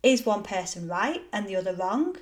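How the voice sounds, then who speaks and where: A woman's voice: medium pitch, very animated, moderate pace. A middle-aged woman hosting a solo motivational podcast, talking in an earnest, encouraging and emphatic way. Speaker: podcast host.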